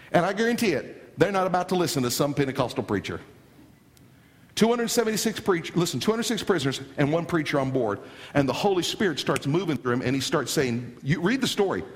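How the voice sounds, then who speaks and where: A man preaches with dramatic swings, dropping low and soft before climbing to near shouts. His pitch sits slightly high and moves a lot. The sound carries a long reverb, as in a large hall. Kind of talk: sermon.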